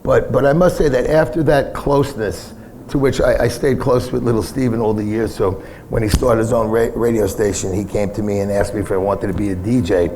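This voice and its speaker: A man from the Bronx, a punk singer, telling lively stories in an interview at a bar and laughing through them. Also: fairly low pitch, a little fast, slight background noise. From the Bronx, New York. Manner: animated raconteur, laughs through his stories. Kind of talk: storytelling interview.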